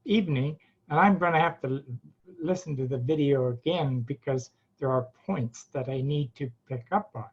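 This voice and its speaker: Brief: Devon-accented club president, fairly high voice, halting thanks, muffled call audio. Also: male voice. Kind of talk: casual meeting remarks.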